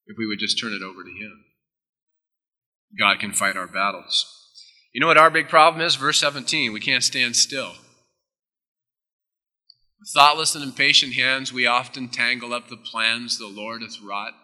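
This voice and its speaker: Bright, emphatic preacher in a reverberant hall. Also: male voice, medium pitch, normal speed, pauses often. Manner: emphatic, with sudden drops into soft, intimate asides. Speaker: pastor. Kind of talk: sermon.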